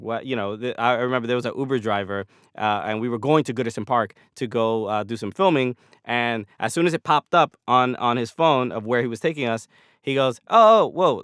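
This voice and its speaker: A man's voice: mid-range voice, a bit bright, smooth, dry recording, studio quality. An American man, a comedian and podcast guest, talking in a rambling casual way with lots of restarts and fillers. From United States.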